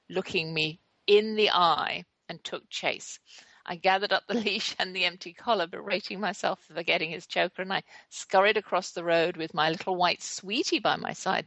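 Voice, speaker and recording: A middle-aged woman hosts her show in a chatty, anecdotal way, poking fun at herself as she goes. Her voice sits fairly low and has a gravelly edge. The recording is dry and close, with no room sound. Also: fairly bright tone, no room sound, poor audio. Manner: chatty, anecdotal, self-deprecating. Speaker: podcast host. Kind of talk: casual storytelling monologue.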